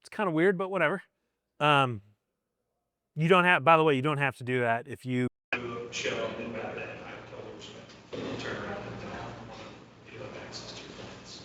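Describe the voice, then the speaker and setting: A man's voice: mid-range voice, lively intonation, fairly quick, pauses often. A man hosting a casual team meeting, upbeat and chatty as he runs through announcements and jokes with the room. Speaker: meeting host. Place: large echoey hall with a crowd. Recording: echoey hall from far off, loud crowd.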